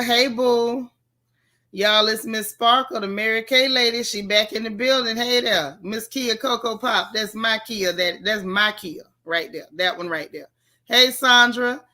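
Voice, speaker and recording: A woman's voice: fairly high pitch, sharp tone. A tired woman hosting a casual live stream, chatting and greeting viewers by name in folksy slang. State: tired, yawning. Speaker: livestream host.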